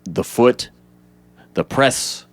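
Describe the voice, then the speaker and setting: A man co-hosting a podcast, casually retelling a movie scene by scene and jumping into high voices to act out the characters. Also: extremely slow, no echo. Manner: animated storyteller, acts out characters in high voices. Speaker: podcast co-host. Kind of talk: casual film recap chat.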